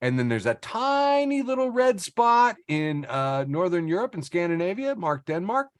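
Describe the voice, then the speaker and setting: Lively joking podcast host, a man. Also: high-pitched, normal speed, dry recording, studio quality. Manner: laughing, joking, reading out social media posts. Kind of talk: casual chat.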